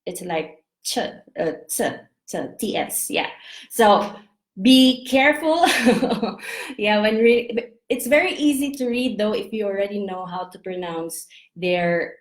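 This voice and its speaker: A young woman with a Filipino accent, chatting casually in a vlog with many fillers and restarts. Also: medium pitch. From Philippines. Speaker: vlogger. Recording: echoey room.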